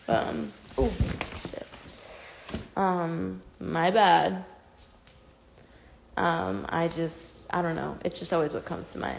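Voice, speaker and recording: A woman's voice: lowish voice, vocal fry. A woman in her twenties chatting candidly and confessionally to fans on a phone livestream from home, rambling and self-conscious.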